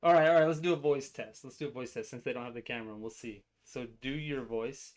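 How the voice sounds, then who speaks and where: Teasing dad joking on a game stream. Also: male voice, medium pitch, quick pace. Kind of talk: casual chat while livestreaming a game.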